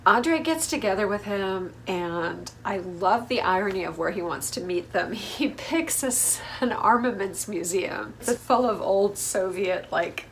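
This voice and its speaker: A woman's voice: mid-range voice, expressive, unhurried, few pauses, slight background noise, rough recording. A woman hosting a reality TV recap, talking in a chatty, opinionated way with many fillers. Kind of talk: casual recap commentary.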